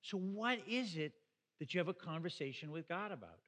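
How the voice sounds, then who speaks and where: Man, pastor preaching, high-pitched, long reverberant hall. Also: expressive, brisk, a bit bright. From Canada. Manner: conversational, asks the listeners questions. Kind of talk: sermon.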